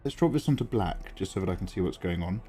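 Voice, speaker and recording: A man's voice: deep voice, expressive, fast, mellow. A man chatting casually and self-deprecatingly on a live art stream while he draws, reading chat aloud.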